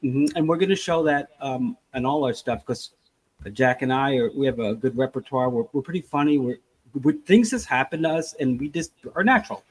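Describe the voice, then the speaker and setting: A man's voice: medium pitch, lively intonation, brisk, poor audio. A man co-hosting a casual podcast who rambles and acts out little scenes as he talks. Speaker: podcast co-host.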